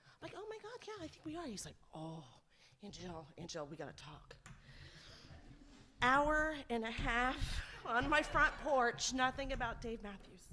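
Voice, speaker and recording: A woman's voice: fairly high pitch, sing-song, unhurried, bright, forceful tone. A woman speaking as an aunt in a eulogy at a funeral service, telling stories emotionally and often dropping to a whisper. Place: funeral home.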